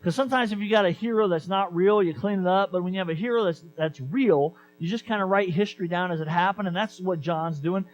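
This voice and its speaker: A man preaching a sermon as pastor, conversational and animated, repeating key lines for emphasis. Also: sits high, fast, hardly any pauses, muffled recording, slight background noise.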